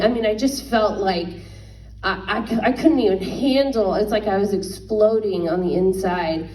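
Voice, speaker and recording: A woman in her thirties gives a personal faith testimony in a mellow, warm voice. She talks earnestly and haltingly, circling back and restarting her sentences. The mic sits some way off in a roomy, echoing space. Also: medium pitch, distant mic. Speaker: worship leader.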